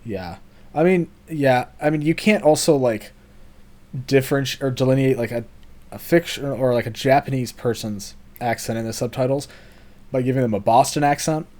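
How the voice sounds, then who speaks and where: A man from Alabama co-hosting a casual podcast. He talks in a laid-back, rambling way, often trailing off quietly. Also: mid-range voice, moderate pace. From Alabama, USA. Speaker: podcast co-host.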